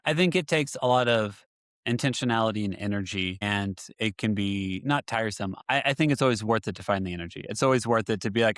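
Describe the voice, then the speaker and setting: Candid, low-voiced father hosting a podcast. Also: brisk, a bit bright, no echo. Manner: candid, reflective, frequent "like" fillers. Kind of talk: conversational podcast interview.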